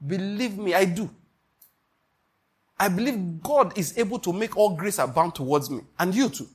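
Husky pastor guy preaching, keeps asking the crowd questions, kinda high voice. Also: lively intonation, normal speed. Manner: emphatic preaching, asks the congregation questions. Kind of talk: sermon.

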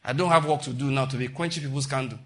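A man's voice: mid-range voice, very fast, a bit bright. A man preaching a sermon as a pastor, scolding and mocking, repeating phrases for effect.

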